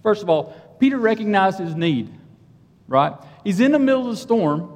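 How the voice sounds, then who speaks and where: Man preacher, conversational sermon, lively pitch, slightly high voice, long hall reverb. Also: normal speed. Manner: conversational, self-deprecating, animated storytelling.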